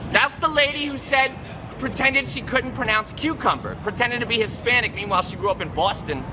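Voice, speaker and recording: High, animated male storyteller, street traffic noise behind him. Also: fairly quick. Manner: animated storyteller, acts out shrill quotes. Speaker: prankster telling a story.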